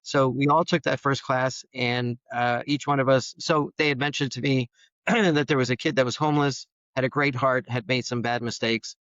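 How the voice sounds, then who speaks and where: A middle-aged man, a guest on a podcast, telling his personal story in an animated way and acting out the dialogue. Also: medium pitch, moderate pace, no room sound. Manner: animated, acts out quoted dialogue. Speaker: podcast guest, foster parent. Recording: dull, dry studio sound.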